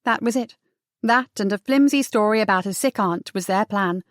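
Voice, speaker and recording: A woman reads a novel aloud in a measured, expressive narration at an ordinary mid pitch. The recording is close and dry, with no room sound. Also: no echo. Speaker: audiobook narrator. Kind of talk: scripted audiobook narration.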